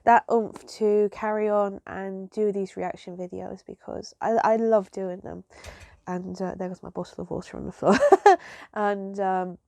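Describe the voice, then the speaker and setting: A woman talking straight to camera in a casual vlog, her voice low and mellow with a gravelly fry running through it. She rambles emotionally, circling back with fillers and restarts, in a dry, close-sounding room. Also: little pitch movement, unhurried, no echo. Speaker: vlogger. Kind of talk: casual chat.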